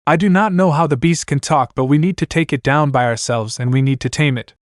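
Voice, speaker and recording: A man's voice: a little high, a little fast, no room sound, studio quality, close to an everyday voice. A man voicing a commanding young female knight while reading fan fiction aloud. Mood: determined.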